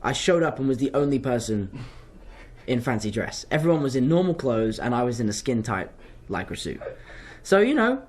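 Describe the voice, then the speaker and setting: A man's voice: mid-range voice, very animated, moderate pace, darkish tone, slight background noise. A young man from England with an English accent, an actor chatting playfully and laughing through stories in a press interview. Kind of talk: casual press junket chat.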